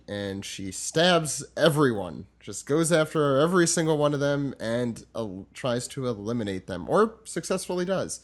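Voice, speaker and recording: A male podcast host chats jokingly about a comic chapter, his speech quick and full of restarts. His voice sits at an ordinary middle pitch. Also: animated. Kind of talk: casual chat, recapping a comic.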